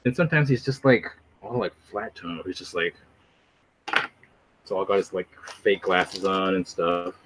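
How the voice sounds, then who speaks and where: A man's voice: sits low, unhurried, long pauses, noisy background. A man chatting casually on a livestream, rambling and hopping from one thing to the next. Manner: rambling, animated, jumps between topics. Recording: dull lo-fi recording.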